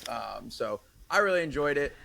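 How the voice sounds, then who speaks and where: A man's voice: medium pitch, animated, moderate pace, creaky, pushed and bright, a little hiss or hum. A man co-hosting a casual movie podcast, easygoing and hesitant, often restarting his sentences. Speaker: podcast co-host.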